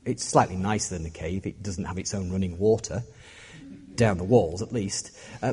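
A man's voice: on the low side, lively intonation, moderate pace, dark tone, slightly rough. A middle-aged man preaching a sermon as a pastor, joking and self-deprecating as he talks. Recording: long hall reverb.

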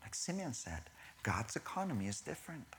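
Man, preacher, mid pitch: animated sermon, loud bursts to hushed whispers, self-correcting asides. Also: fairly quick, slight background noise.

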